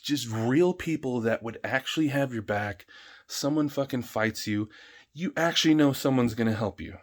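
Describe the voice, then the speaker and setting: A man's voice: medium pitch, moderate pace. A man ranting in a vlog, heated, emphatic and full of swearing. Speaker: vlogger.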